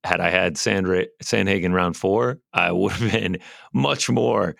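A man's voice: low voice, steady tone, creaky, a bit bright, no echo, clean studio sound. A man co-hosting a betting podcast, wry and given to repeating himself in casual chat. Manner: wry, repetitive, quick to agree. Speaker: podcast co-host.

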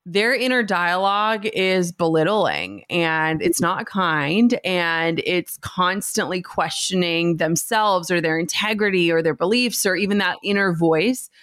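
A woman podcast host who asks interview questions and reads ads in a brisk, upbeat way. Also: fairly low pitch, animated, fairly bright tone, no room sound, studio quality.

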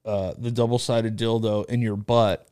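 A man co-hosting a comedy podcast, laying out a crude bit in a deadpan way. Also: on the low side, moderate pace, clear, resonant tone, dry recording, clean studio sound. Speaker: podcast co-host. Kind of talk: casual comedy chat.

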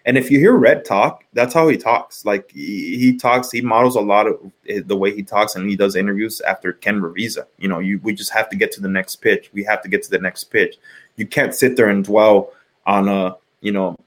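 Low-voiced rambling man talking baseball. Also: steady tone, normal speed. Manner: rambling, many restarts and fillers. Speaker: podcast co-host, former college pitcher. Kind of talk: casual sports chat.

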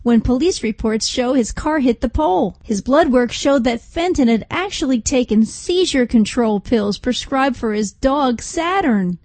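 A woman reporter reading a short news item with wry, deadpan asides. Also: sits high, no room sound. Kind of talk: read news segment.

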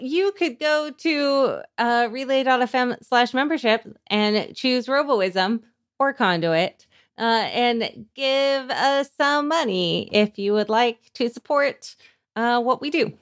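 A woman's voice: fairly high pitch, slow pace. A woman host on a casual podcast, playful and teasing while plugging her shows.

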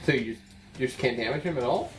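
A man chatting as a player in a tabletop game, lively and often laughing. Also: mid-range voice, quick pace, slight background noise. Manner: animated, laughs often, describes his character's moves. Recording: echoey room, far from mic, faint music.

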